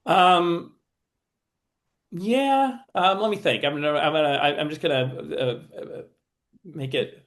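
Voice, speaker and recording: A man's voice: a little high, measured pace, pauses often, a bit bright. A man being interviewed as a TV writer and producer, talking casually and often stopping and restarting while he thinks.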